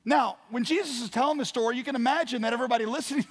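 Guy pastor telling a story in his sermon, goes quiet then loud, echoey church hall. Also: very high voice, very fast, few pauses. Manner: storytelling, acts out voices, swings from quiet to loud. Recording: long hall reverb.

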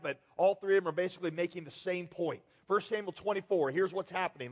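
High-voiced pastor preaching in a hall. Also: male voice. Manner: conversational, asks the audience questions, frequent fillers. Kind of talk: sermon. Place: large church hall with multiple campuses. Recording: long reverb of a large hall.

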